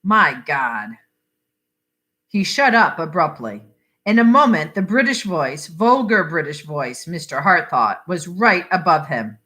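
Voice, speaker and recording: Brief: woman storyteller, slow and lively in pitch, bright tone. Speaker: reader. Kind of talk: reading a short story aloud.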